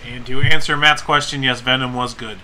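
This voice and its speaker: A man's voice: medium pitch, fairly even intonation, brisk, bright, forceful tone, low-quality recording. A man co-hosting a podcast, chatting casually with goofy jokes. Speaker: podcast co-host.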